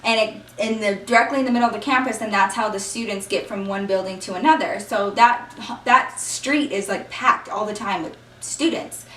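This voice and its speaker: A woman vlogger tells a casual story in a chatty way, often saying "y'all" and acting out what people said. Her medium-pitched voice moves at normal speed and sounds a bit bright, picked up by a distant mic in an echoey room.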